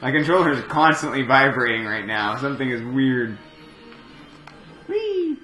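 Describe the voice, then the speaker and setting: A man's voice: medium pitch, fairly even intonation, a little fast, bright, forceful tone. A man giving casual, crude gameplay commentary, joking and swearing freely as he plays. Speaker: let's play gamer. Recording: roomy echo with faint game music.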